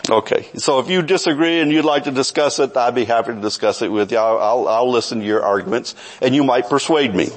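A man's voice: mid-range voice, fast, few pauses. A man preaching a sermon to a congregation, talking in a conversational way and often restarting his phrases. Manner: conversational, self-correcting, with frequent restarts. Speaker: pastor.

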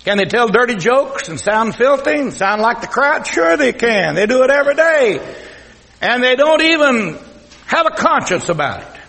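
A man with a Texas accent preaching a sermon as pastor, folksy and swinging from loud to hushed. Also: very high-pitched, sing-song, moderate pace, vocal fry. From South Texas. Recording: echoey hall reverb.

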